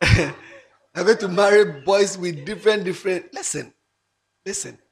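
A man giving a moral talk to students, animated and mixing English with local phrases, rising to emphatic shouts. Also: high-pitched, a little slow, breathy edge. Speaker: speaker addressing students. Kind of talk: moral talk to young people.

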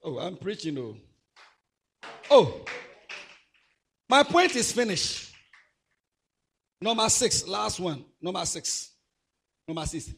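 Man, high husky voice, animated preacher exhorting youth. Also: takes it slowly, pauses often. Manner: animated, swings from soft asides to loud exhortation. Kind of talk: sermon to young people.

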